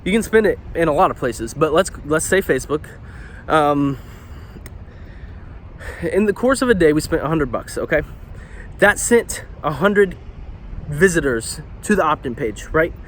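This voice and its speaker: A man's voice: fairly high pitch, lively intonation, a little slow, pauses often, a little hiss or hum. A web designer and marketer talking casually while he paces, a little out of breath, with lots of fillers. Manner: conversational, lots of fillers and "right?". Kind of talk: casual explainer monologue.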